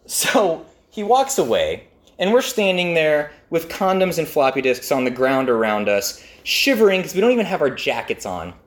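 A man telling a comic personal story in an animated, self-mocking way. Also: normal speed. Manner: animated, self-mocking, with jumpy pitch swings for emphasis.

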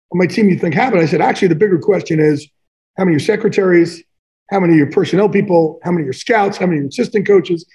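A man with a high, mellow voice talks through personal stories as an interview guest, earnest and rambling, dropping "man" and "like" as he goes. The audio is dull and slightly muffled. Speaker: author and trainer of athletes, interview guest. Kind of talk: candid personal storytelling in conversation.

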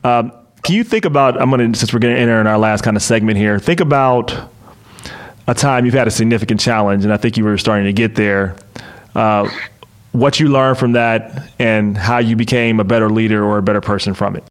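A man's voice: fairly low pitch, brisk. Conversational male interview host. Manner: conversational, rambling questions.

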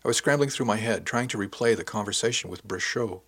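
A man narrating a novel in the first person, with measured, wry storytelling. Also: on the low side, fairly bright tone. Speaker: audiobook narrator.

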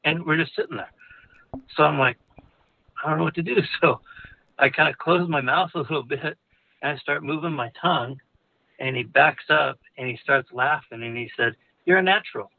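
A man's voice: medium pitch, steady tone, normal speed, creaky. A male caller telling a personal story frankly, in a candid, rambling way with chuckles between phrases. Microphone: phone call. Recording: tinny phone line.

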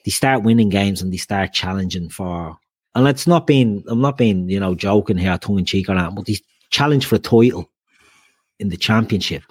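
A man's voice: fairly low pitch, moderate pace, slightly rough, no room sound. A man hosting a casual football podcast, bantering with his co-hosts and throwing in jokey asides to the listeners. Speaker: podcast host.

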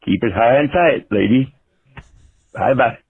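Gravelly old Texan man on a phone line. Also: mid-range voice, expressive, unhurried. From Texas. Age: older. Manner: blunt, folksy. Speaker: caller. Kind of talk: voicemail call-in.

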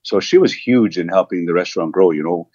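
A man's voice: low voice, a little fast, breathy edge, no room sound, lo-fi sound. A man, a restaurant owner, telling rambling stories with lots of asides as a guest in a casual interview. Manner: rambling, animated storyteller, many asides.

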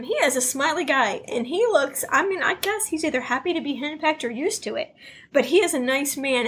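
A woman's voice: high voice, a bit bright, slight background noise. A middle-aged woman co-hosting a podcast, chatting casually and laughing often as she recaps a show. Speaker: podcast co-host.

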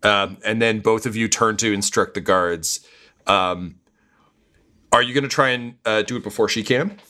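A man's voice: on the low side, sharp tone. A man running a tabletop game as game master, narrating in a playful way. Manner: playful, quick to laugh.

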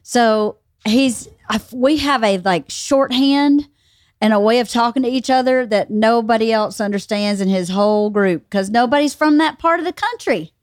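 A woman from Georgia, co-hosting a podcast, telling stories in a lively way with quoted voices. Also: fairly high pitch, normal speed, dry recording, studio quality. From Georgia, United States. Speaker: podcast co-host. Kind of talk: casual podcast chat.

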